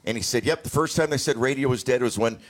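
A man hosts a local radio talk show and drifts into easygoing stories. His voice sits in an ordinary middle range. The delivery is relaxed and conversational. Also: medium pitch, fast. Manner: chatty storyteller. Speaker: radio host.

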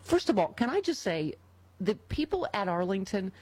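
A woman's voice: mid-range voice, very animated, normal speed, a little mellow, slightly rough. A middle-aged woman hosting a talk radio show, telling a personal story in a casual, emotional way and reading ads.

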